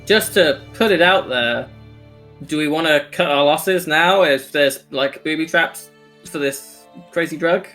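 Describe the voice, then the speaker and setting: A man's voice: on the high side, unhurried, bright, forceful tone, faint music behind. A man playing a tabletop game, talking in character with a hesitant, hedging manner. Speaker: player.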